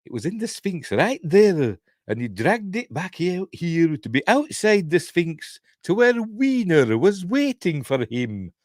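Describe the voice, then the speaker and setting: Yorkshireman doing a scottish accent, excited man telling a story, voice pushed way up, drawn-out words. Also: high-pitched, dry recording, clean studio sound, pitched above the performer's own voice. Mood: eager. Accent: Scottish (put on).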